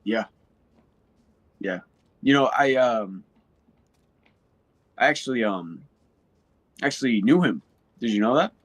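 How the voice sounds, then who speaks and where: A man's voice: mid-range voice, expressive, takes it slowly, long pauses, dry recording. A man streaming a game, joking around in playful, hesitant banter. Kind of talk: casual in-character banter.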